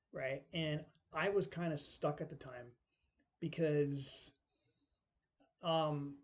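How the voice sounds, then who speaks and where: A middle-aged man recounts a personal story in loose, rambling talk. His voice sits a little high for a man yet sounds mellow and relaxed. He keeps tossing in tag questions and acting out what others said. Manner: rambling, full of tag questions and acted-out quotes. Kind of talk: casual spoken storytelling.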